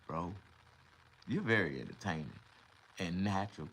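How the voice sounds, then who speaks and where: A middle-aged man, talking casually on a livestream and swinging between loud mock crying and low muttering. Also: expressive, moderate pace, pauses often.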